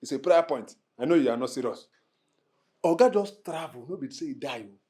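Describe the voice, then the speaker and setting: A man's voice: on the high side, lively intonation, fairly quick, warm tone, lightly acted. An actor with a Nigerian Pidgin English accent playing a cheeky, tipsy male house servant who mocks his boss. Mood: mocking. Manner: cheeky, mocking, slips into pidgin. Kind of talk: film drama acting.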